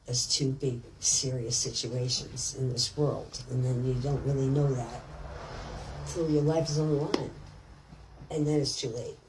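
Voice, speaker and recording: A woman's voice: extremely low pitch, fairly even intonation, measured pace, recorded from a distance, background noise. An older woman giving a rambling, blunt and profane off-the-cuff speech as an author at a book signing in a thrift shop.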